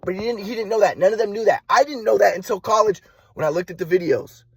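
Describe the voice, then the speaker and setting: A young man with a cold, telling a rambling personal story with halting restarts. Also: high voice, vocal fry, breathy edge, dry recording. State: has a cold. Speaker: vlogger.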